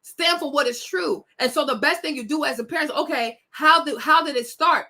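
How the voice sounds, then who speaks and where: A young adult woman from West Africa, talking straight to her viewers in an animated, emphatic monologue, laughing often and calling them y'all and girl. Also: sits high, fairly quick. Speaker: vlog host.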